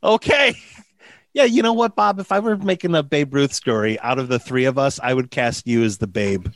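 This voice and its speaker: A man's voice: mid-range voice, normal speed, dry recording. A man hosting a casual podcast, upbeat and self-deprecating. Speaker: podcast host.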